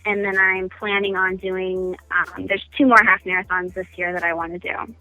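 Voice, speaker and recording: A woman's voice: medium pitch, level tone, moderate pace, pushed and bright, no room sound, muffled recording, soft background music. A woman guest chatting casually in a phone-in radio interview, self-deprecating and full of ums. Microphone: phone call.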